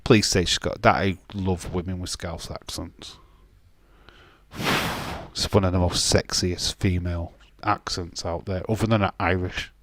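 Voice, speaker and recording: A man's voice: sits low, little pitch movement, a little slow, dry recording. A man, casually chatting on a live stream and bantering with chat comments, swearing now and then.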